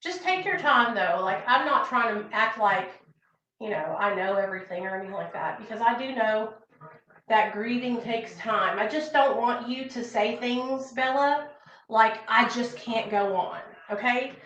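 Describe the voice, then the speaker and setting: A young woman with a high voice gives an earnest, encouraging pep talk on a casual livestream and keeps repeating her points. The sound is dull and lo-fi, with a roomy echo around her. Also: moderate pace, a bit bright. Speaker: recovery livestream host. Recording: echoey room, dull lo-fi sound.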